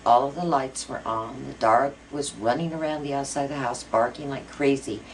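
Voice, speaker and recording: Very low-voiced woman recounting a ghost story. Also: moderate pace, slight background noise. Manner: earnest storytelling, many fillers. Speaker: interviewee. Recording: voice a bit far from mic, faint music.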